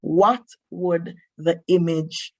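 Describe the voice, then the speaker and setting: A woman teaching a maths lesson online over a computer microphone. She encourages her students and thinks aloud with drawn-out hmms. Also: fairly low pitch, steady tone, a little mellow, no echo. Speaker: mathematics teacher.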